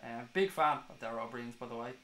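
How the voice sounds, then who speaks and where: A man's voice: medium pitch, expressive, fast talker, fairly bright tone, echoey room, low-quality recording. A man hosting a football fan live stream, chatting casually and swearing as he reads viewer comments. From Ireland.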